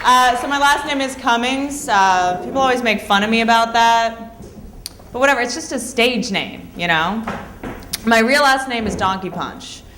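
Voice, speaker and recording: A woman doing stand-up on a comedy club stage, delivering deadpan, self-mocking one-liners. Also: on the high side, moderate pace, noisy background. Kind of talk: stand-up routine. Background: audience laughing.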